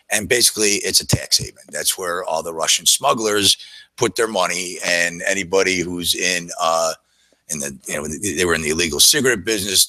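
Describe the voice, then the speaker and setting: A low-pitched man tells a long personal story in a loose, rambling way, stopping and restarting often. His voice is bright and forceful, and the recording is dry and close with no room sound. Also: dry recording, poor audio. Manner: rambling, with frequent fillers and restarts. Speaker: trader telling a story to an audience. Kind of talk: casual storytelling.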